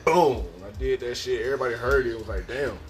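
A man's voice: mid-range voice, steady tone, rapid-fire. Laid-back young man telling stories, cursing. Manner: profane, laid-back, laughing asides. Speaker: podcast host. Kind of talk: casual storytelling monologue.

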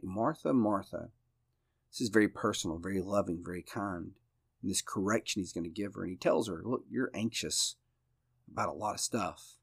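Pastor for a Bible study talk: a man with a lower voice who explains things thoughtfully and steadily. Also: no room sound, clean studio sound. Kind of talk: conversational Bible study teaching.

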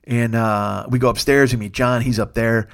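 A comedian telling a rambling, profane story in a casual podcast monologue, acting out what others said. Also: male voice, mid-range voice, steady tone, normal speed. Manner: rambling, profane, acts out quotes. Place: Los Angeles.

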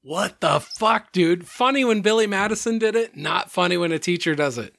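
A man co-host chimes in with profane, bro-ish reactions. His voice is bright and a bit high. It is recorded dry and close. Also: expressive, moderate pace, creaky, no room sound. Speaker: podcast co-host. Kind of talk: casual chat.

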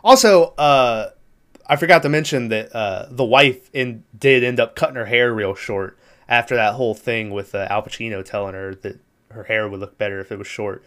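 A man's voice: medium pitch, normal speed, fairly bright tone. A man casually recapping a movie plot in a rambling, profane way, laughing now and then. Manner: rambling, profane, laughs through his retelling.

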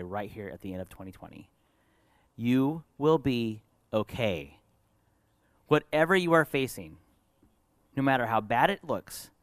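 A middle-aged man, a pastor preaching a sermon, telling a personal story in an earnest way that moves between lively and hushed. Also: mid-range voice, dry recording.

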